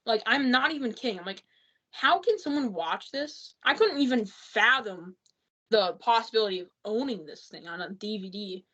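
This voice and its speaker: A woman's voice: mid-range voice, fairly quick, pushed and bright, highs cut off. A woman giving a rambling, exasperated spoken movie review, full of fillers and restarts.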